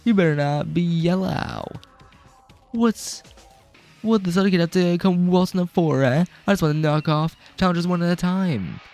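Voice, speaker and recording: Guy doing a cocky british game grunt, loud and mocking, pitched way up. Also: moderate pace, soft background music. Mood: brash. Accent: put-on British. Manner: brash, mocking, exaggerated. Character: cocky young male gang grunt, taunting.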